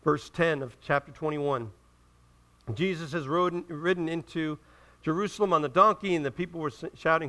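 Male pastor, sermon, high, bright and forceful, fervent, swings from loud to hushed. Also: moderate pace. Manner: fervent, rising and falling emphasis, asks the congregation to respond.

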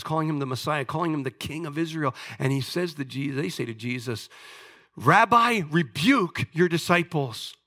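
A man pastor preaching a sermon, animated, swinging from loud declarations to hushed asides. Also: mid-range voice.

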